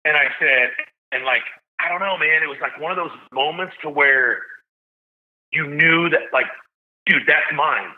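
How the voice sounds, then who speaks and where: Animated storyteller man on a phone-like line. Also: a little high, moderate pace. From Tennessee. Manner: animated, acts out quoted voices, slangy. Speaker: podcast guest. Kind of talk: casual storytelling. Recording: tinny phone-line sound.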